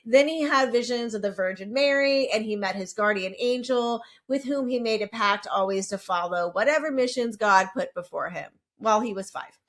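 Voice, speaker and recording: A woman's voice: a little high, moderate pace, few pauses, fairly bright tone. A woman co-hosting a casual podcast, chatting and reading lore aloud in a self-deprecating way. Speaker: podcast co-host presenting lore. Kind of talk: casual podcast recap chat.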